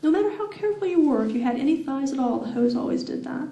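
A woman reading her own novel aloud at a fan event, with slow, deliberate, sensual delivery. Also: high voice, lively intonation, dark tone, far from the mic, highs cut off. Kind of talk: public reading of fiction. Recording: echoey room heard from afar.

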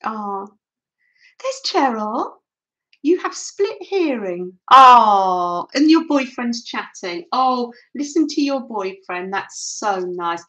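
An older woman hosting a craft livestream, chatting casually with viewers and greeting them with many soft "oh"s and little laughs. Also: a little high, very animated, slow.

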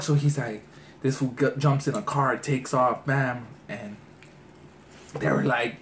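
A man's voice: mid-range voice, fairly even intonation, a little slow. Man, casual profane storytelling, street slang, faint background noise. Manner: loose, profane street slang, acts out quoted friends. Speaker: storyteller in a mukbang video.

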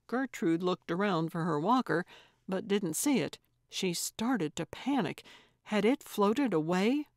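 A woman narrating a cozy mystery audiobook in a measured, storytelling manner. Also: lowish voice, animated, no room sound, clean studio sound. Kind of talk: scripted narration.

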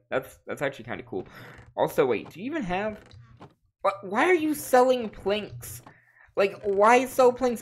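A woman streaming a game live, playful and teasing her chat, laughing often. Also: fairly low pitch. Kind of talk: casual live gameplay commentary.

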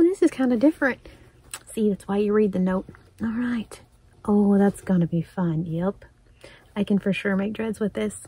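A woman gushes and laughs her way through opening gifts in a casual crafting vlog. Her voice is soft-edged and husky with a mellow, dark tone. The sound is dry and close to the mic. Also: mid-range voice, no room sound. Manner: excited, gushing, laughs often. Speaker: crafting vlogger. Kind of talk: casual unboxing chat.

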